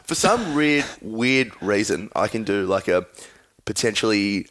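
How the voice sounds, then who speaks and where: A young Australian man co-hosting a casual podcast chat, playful and quick to laugh. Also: lowish voice, expressive, a bit bright. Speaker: podcast co-host.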